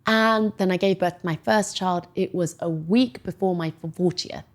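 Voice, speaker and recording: A woman in her forties telling a personal story as a podcast guest, chatty and animated, filling her speech with "like" and jumping high when quoting people. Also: moderate pace. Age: 40s. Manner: animated storyteller, many "like"s, voices quotes high. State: emotional, near tears. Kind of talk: casual interview chat.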